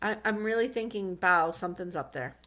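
A woman's voice: a little fast, sharp tone. A woman co-hosting a casual podcast, giving frank opinions on a reality show and swearing freely. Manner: frank, blunt opinions, swears, drops to low confiding tones. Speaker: podcast co-host.

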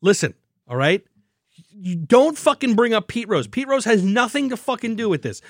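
A man's voice: sits high, very animated, moderate pace, dry recording, clean studio sound. A man co-hosting a podcast, arguing heatedly and profanely, cutting in over his partner. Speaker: podcast co-host. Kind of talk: heated casual sports argument. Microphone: podcast microphone.

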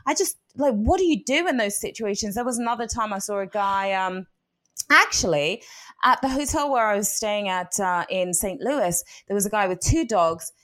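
An American woman in casual conversation, telling stories with animated swings in her voice. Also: moderate pace. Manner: animated storytelling, lively pitch swings. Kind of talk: casual chat.

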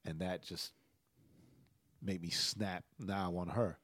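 A man's voice: low-pitched, fairly even intonation, slow pace, fairly bright tone, no room sound. A man who is a pastor, telling a painful personal story in casual podcast talk, emotional and earnest, often checking in with "right?". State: emotional, tearful.

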